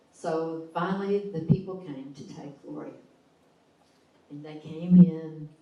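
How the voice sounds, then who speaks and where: A woman's voice: low-pitched, mellow. A middle-aged woman shares a personal testimony at a church gathering, voicing the people in her story with strong emotion. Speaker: guest speaker sharing a testimony. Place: church hall. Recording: echoey hall, mic at a distance.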